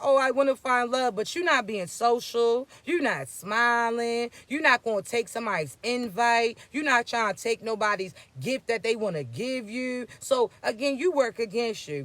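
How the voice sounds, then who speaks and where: A man with a high, bright speaking voice delivers a spiritual message with no filter. He scolds and swears in streetwise slang, half sermon and half tough-love lecture. The sound is close and dry. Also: dry recording. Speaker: spiritual reading host. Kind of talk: blunt motivational spiritual message.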